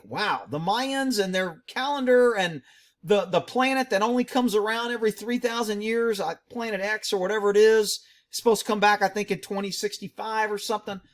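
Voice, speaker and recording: A middle-aged man with a slightly high voice works through viewer comments as host of his own channel. He talks in a loose, chatty way, reads a comment, then answers it with muttered asides and a bit of mockery. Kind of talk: casual commentary.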